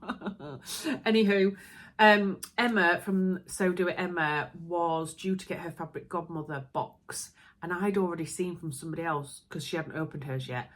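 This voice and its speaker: Chatty Yorkshire woman, low voice. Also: steady tone, moderate pace. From Yorkshire, England. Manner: chatty, giggly, often interrupts herself. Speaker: sewing vlogger. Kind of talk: casual chat to camera.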